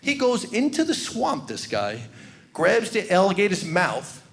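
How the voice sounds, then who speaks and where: A male comedian works a stage through a handheld mic. His voice sits high and swings widely, and he talks in an animated way, shouting some lines for effect. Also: a little slow, gravelly. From New York. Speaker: stand-up comedian. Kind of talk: stand-up comedy routine.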